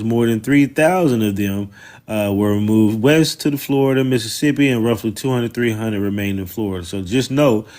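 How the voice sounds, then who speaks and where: A man's voice: lowish voice, a little mellow. A man with a Southern US accent, hosting a loose, mocking, profane livestream and talking casually. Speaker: livestream host.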